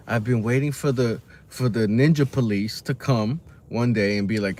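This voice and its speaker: A man's voice: mid-range voice, normal speed, few pauses, a little mellow. A man talking casually to the camera in a reaction video, slangy and rambling, with lots of fillers. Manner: laid-back, slangy, rambling with many fillers. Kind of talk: casual commentary monologue.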